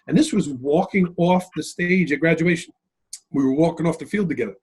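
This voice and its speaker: Husky, animated middle-aged man. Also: fairly high pitch, a little fast. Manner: animated, tags lines with "right?" and "like". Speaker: school principal and author. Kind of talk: conversational interview storytelling.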